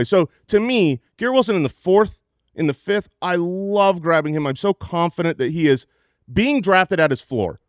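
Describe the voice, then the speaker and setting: A man co-hosting a fantasy football podcast, rattling off stats with energy, jumping high in pitch when excited and laughing often. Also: normal speed, no echo, studio quality. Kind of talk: energetic stat-heavy sports podcast talk. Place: studio, live show.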